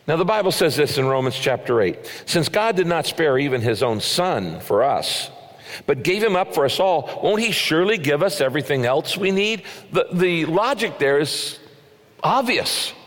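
A man preaching a sermon as a pastor, emphatic and rising in pitch on his key points. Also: a bit bright. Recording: long hall reverb.

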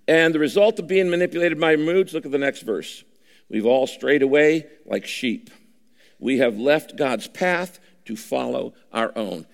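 Emphatic man preaching in a large hall. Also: fairly high pitch. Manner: emphatic, repeats key phrases, slows on scripture. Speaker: pastor. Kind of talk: sermon.

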